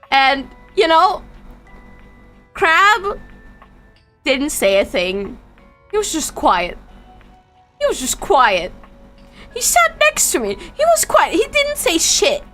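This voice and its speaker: A woman's voice: sits high, sing-song, slow pace, pauses often, pushed and bright. A woman streamer telling a personal story in casual chat, stammering and swearing freely, with faint music behind her.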